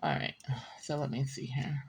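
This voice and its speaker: A woman's voice: very deep voice, sing-song, normal speed, husky. A woman giving a casual, rambling reading, often laughing and drifting into side stories. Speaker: tarot reader. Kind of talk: casual chatty reading monologue.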